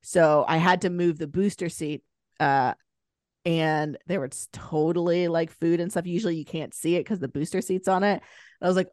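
Lively woman podcast co-host, low voice. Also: moderate pace, no echo, clean studio sound. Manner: animated storyteller, acts out quoted voices. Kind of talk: casual chat.

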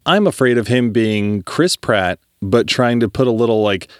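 A man's voice: mid-range voice, normal speed, clean tone, dry recording, clean studio sound. Rambling male podcast co-host. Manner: rambling, restarts a lot, swears. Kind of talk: casual chat.

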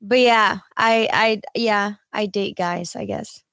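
A woman's voice: medium pitch, fairly even intonation, takes it slowly, gravelly, a bit bright, dry recording, studio quality. Hesitant young woman co-host. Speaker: co-host reading questions. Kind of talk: casual livestream chat.

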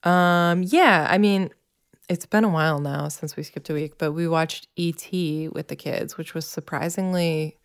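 A woman's voice: low voice, steady tone, measured pace, clear, resonant tone. A woman in her thirties co-hosting a podcast, chatting casually with lots of "like" fillers. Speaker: podcast co-host. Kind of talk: casual chat.

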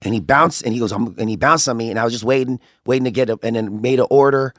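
A man on a podcast as a guest, telling stories in a rambling, animated way with lots of restarts. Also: medium pitch, quick pace, no echo, studio quality. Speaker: guest, singer. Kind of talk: casual podcast chat.

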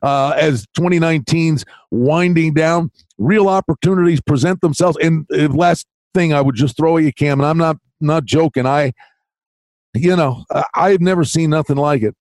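A man's voice: fairly high pitch, moderate pace, darkish tone, no room sound. A man hosting a podcast, chatting casually and making folksy wisecracks. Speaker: podcast host. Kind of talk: casual chat.

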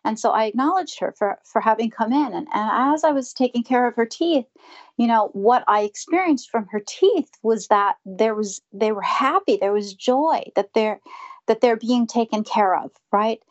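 A woman's voice: a little high, lively intonation, moderate pace, highs cut off. A woman dentist speaking earnestly and reflectively in a conversational interview, sometimes acting out what her patients say. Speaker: dentist guest.

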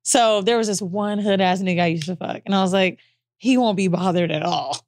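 A woman's voice: mid-range voice, brisk, a little mellow, no echo, studio quality. A woman co-hosting a podcast in casual chat, telling stories candidly and laughing often. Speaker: podcast co-host.

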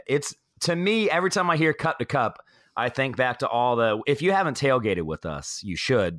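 A man co-hosting a podcast who tells stories in an animated, casual way. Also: lowish voice, no room sound, clean studio sound. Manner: animated storyteller. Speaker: podcast co-host. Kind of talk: casual chat.

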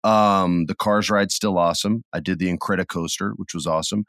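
A middle-aged man with a fairly low voice tells stories on a podcast, relaxed and chatty, then suddenly acts out the scene with loud bursts. His voice sounds close and dry, with no room around it. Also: fairly quick, dry recording. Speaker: podcast co-host. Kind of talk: casual chat.

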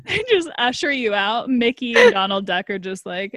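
A woman hosting a casual chat, reacting with laughs and quick remarks. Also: fairly high pitch, very animated, fairly bright tone, dry recording.

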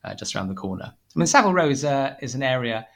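A man's voice: mid-range voice, very animated, fast talker, gravelly. A man, a tweed company founder, telling rambling stories in a casual interview, full of fillers and restarts.

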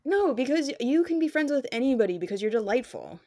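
A woman's voice: sits high, big pitch swings, fast, warm tone. A young woman co-hosting a podcast in casual chat, playful and rambling with lots of fillers. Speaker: podcast co-host.

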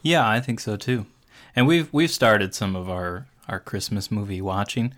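A man's voice: on the low side, moderate pace, fairly bright tone. A man hosting a podcast, joking and teasing in casual chat. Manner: jokey, teasing. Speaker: podcast host.

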